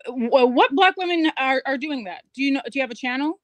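A woman's voice: high voice, animated, brisk, dry recording. A woman in a played clip making an argument, citing studies and arguing point by point. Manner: cites studies, argues point by point. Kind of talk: argumentative commentary.

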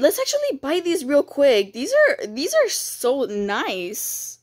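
High, gushing young woman gamer. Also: slow, hardly any pauses, dry recording, studio quality. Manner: gushing and excitable, gasping, repeating "dude" and "bro". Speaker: gaming video creator. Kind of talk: excited game walkthrough commentary.

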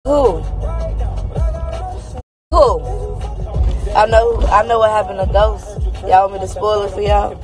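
A woman's voice: mid-range voice, slow, long pauses, poor audio. A tipsy woman ranting in a casual vlog from the passenger seat of a car, heated and swearing freely into a phone camera. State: tipsy from drinking. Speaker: social media personality. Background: music playing in the car.

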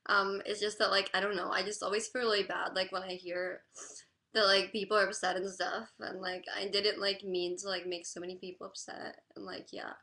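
A crying woman talking haltingly and apologetically on a live stream, full of "like" fillers. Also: medium pitch, flat delivery, pushed and bright. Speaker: livestreamer reading chat.

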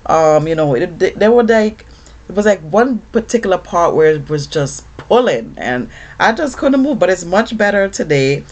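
A woman vlogging casually to camera, chatty and animated, with lots of fillers. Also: lowish voice, moderate pace. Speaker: beauty vlogger.

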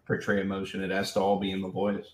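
A young adult man who works as a voice actor signs autographs while chatting casually in a live-stream Q&A. He talks fast in a low voice with a completely flat delivery, and the recording has a roomy echo.

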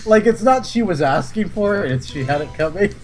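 A man chatting casually on a game stream in a quick, talkative way. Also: sits high, animated, over music. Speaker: streamer, co-host.

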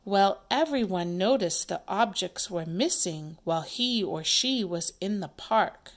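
A woman's voice: medium pitch, lively intonation, measured pace. A woman teacher reading aloud the part of a helpful young boy in a children's play. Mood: earnest.

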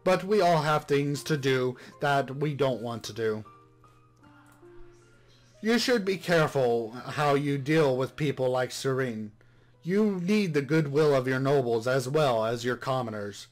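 A man voicing a widowed royal father giving measured, lecturing advice to his daughter. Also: mid-range voice, animated, soft background music, close to an everyday voice. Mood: stern. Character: stern royal father, widowed noble lord.

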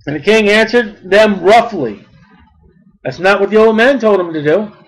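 A man preaching a sermon, blunt and folksy, mocking at times and rising to shouts. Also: high-pitched, normal speed, low-quality recording.

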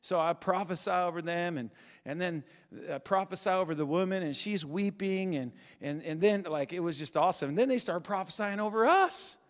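A man with a somewhat high voice preaches a sermon, telling a story with animated energy. His voice rings out in a large church hall with a long reverb. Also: fairly quick. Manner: animated storytelling, building to shouted fervor. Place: church sanctuary.

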